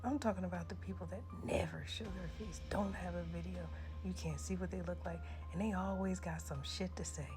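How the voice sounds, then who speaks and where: A woman ranting bluntly in a casual vlog, cursing freely and swinging between loud outbursts and hushed, breathy asides. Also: fairly low pitch, steady tone, a little fast, music in the background. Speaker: social media creator.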